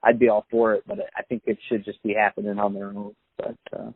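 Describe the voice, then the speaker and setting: Host guy talking casual, lots of ums and restarts, low voice, tinny phone sound. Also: little pitch movement, a little fast, husky, no echo. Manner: hesitant, many fillers and restarts. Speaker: podcast host. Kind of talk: casual podcast talk.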